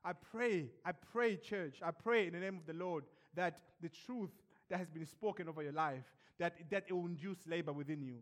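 A man preaching a sermon, emphatic and repetitive, asking the congregation rhetorical questions and dropping to a hush for effect. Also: high-pitched, normal speed, hardly any pauses.

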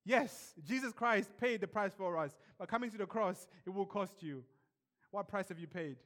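Brief: male preacher, high voice, emphatic repetition, rhetorical questions. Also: normal speed. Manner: emphatic, repetitive, rhetorical questions, drops to soft hush for effect. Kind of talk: sermon.

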